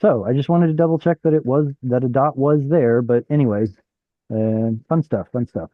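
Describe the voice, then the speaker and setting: A man's voice: medium pitch, moderate pace, no echo. Man teaching, dull dry call audio. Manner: explains while thinking aloud, asks the class questions. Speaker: Hebrew teacher. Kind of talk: live online class teaching. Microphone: video call.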